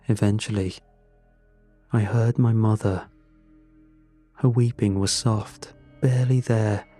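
A man narrating a first-person story in a slow, measured, somber manner. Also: lowish voice, warm tone.

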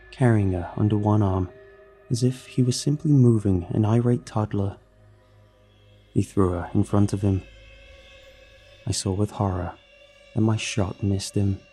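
In a low, dark-toned voice, a man tells a horror story in a measured, grim manner, with faint music playing underneath.

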